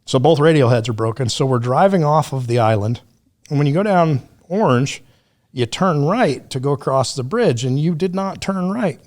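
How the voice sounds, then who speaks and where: A man telling a story on a podcast in a casual, profane, animated way, acting out what others said. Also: a little high, normal speed. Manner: profane, animated storyteller who acts out quotes.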